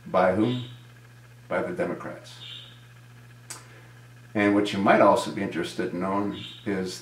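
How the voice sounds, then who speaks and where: Indignant low-voiced man, echoey room. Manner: indignant, rhetorical questions. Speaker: video commentator. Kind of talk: political commentary monologue.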